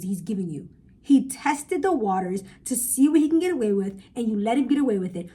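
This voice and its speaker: A woman's voice: on the high side, mellow, slightly rough. Blunt young woman ranting into her phone. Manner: blunt, emphatic, profane advice to viewers. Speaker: vlogger. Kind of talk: casual podcast-style rant. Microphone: phone camera.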